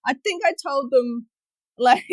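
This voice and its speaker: A woman's voice: high voice, unhurried, a little mellow, no echo, rough recording. Chatty woman in her thirties. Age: 30s. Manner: chatty storyteller, laughs often. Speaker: podcast guest. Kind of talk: casual chat.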